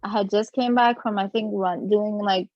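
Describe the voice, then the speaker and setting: A woman in her thirties, a guest in a casual chat, telling her story in an animated way with many fillers. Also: medium pitch, moderate pace, no room sound, muffled recording. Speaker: interview guest.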